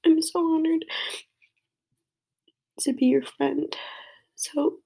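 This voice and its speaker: A woman's voice: sits high, steady tone, slow, gravelly, warm tone. A young woman crying as she gives a rambling, heartfelt tribute to a friend. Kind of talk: emotional personal tribute.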